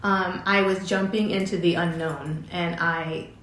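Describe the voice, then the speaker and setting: A middle-aged woman telling a personal story, halting and emotional, with many fillers and restarts. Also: fairly low pitch, steady tone, fairly bright tone, roomy sound. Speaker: vlogger telling her story.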